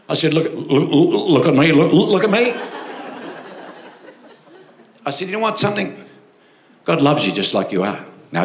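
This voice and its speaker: An older man with an Australian accent, a pastor telling stories in a sermon and calling for amens. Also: on the high side. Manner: storytelling, animated, asks crowd for amens. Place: church hall. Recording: echoey hall with music behind.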